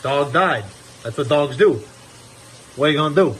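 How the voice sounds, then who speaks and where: A man quoting a blunt, deadpan older Italian father during a story, speaking louder than his usual voice. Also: a little high, normal speed, slight background noise. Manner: flat, matter-of-fact.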